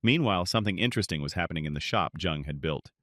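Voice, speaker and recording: A man narrating a story recap in a steady, scripted storytelling style. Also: sits low, fast, no room sound, clean studio sound.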